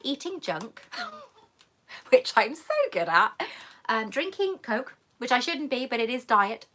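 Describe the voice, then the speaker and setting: A woman's voice: on the high side, very animated, takes it slowly, sharp tone. A woman hosting a casual live chat, reading viewer comments aloud and calling people darling. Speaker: YouTube host answering live chat questions.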